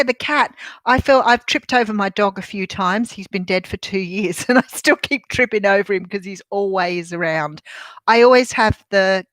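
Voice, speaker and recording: Speaking from a room at home, this tarot reader and medium chats casually on a live stream. She's an older woman with an Australian accent and a fairly bright, mid-range voice, recorded without echo, and her talk wanders with frequent ums and false starts.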